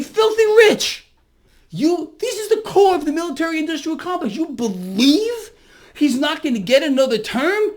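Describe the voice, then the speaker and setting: A man with a Brooklyn accent giving a fired-up, emphatic market commentary rant to his viewers. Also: very high-pitched. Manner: hyped-up, emphatic, swearing.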